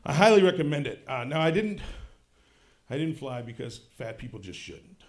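A man in his thirties doing stand-up comedy on a club stage, swinging from low mutters to loud shouted punchlines. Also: sing-song, normal speed. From Kansas City, United States. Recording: roomy club sound.

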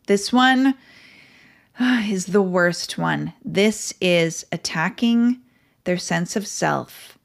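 A woman's voice: mid-range voice, vocal fry. A woman hosting a podcast, talking in a casual, earnest and reflective way, candid about her own life. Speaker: podcast host. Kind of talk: casual advice talk.

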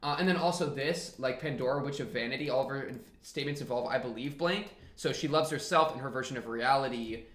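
Male reaction host, bright slightly high voice, loose rambling commentary, echoey room. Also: fast, hardly any pauses. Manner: rambling, animated and jokey, then winds down to a quieter reflective tone. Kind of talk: casual commentary to camera.

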